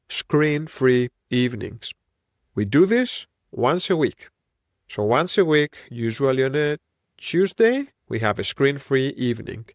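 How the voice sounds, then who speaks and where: A man's voice: mid-range voice, dry recording, studio quality. A man in his thirties with a Greek accent, hosting a solo podcast in a reflective, wandering way. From Greece. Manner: reflective, musing, wandering train of thought. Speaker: podcast host.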